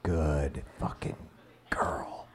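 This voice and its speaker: A man reading a tender low-murmuring male lover. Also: expressive, moderate pace, slight background noise, lightly acted. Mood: soothing. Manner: low murmuring, soft and reassuring. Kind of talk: amateur erotic audio reading.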